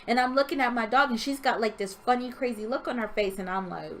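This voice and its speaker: A young woman telling a story from her dream in an animated, expressive way, acting out sounds. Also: fairly high pitch, quick pace, few pauses, a little hiss or hum. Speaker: vlogger. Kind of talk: storytelling vlog.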